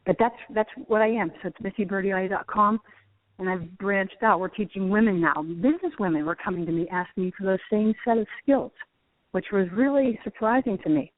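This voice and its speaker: A middle-aged woman, a former tour golfer who now teaches, telling stories in a lively way with frequent laughs. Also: mid-range voice, brisk, dry recording. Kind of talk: phone interview storytelling. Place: outdoors at a driving range. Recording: tinny phone line, dry.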